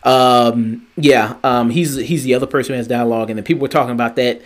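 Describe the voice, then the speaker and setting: Male podcast co-host, excitable rambler, casual swearing, mid-range voice. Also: medium pitch, fast talker. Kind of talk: casual chat review.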